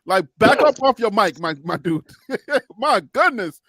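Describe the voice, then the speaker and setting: A man from Africa hosting a casual panel chat, animated and quick to laugh and cut in. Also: high voice, no echo. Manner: animated, laughs often, cuts in. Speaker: host.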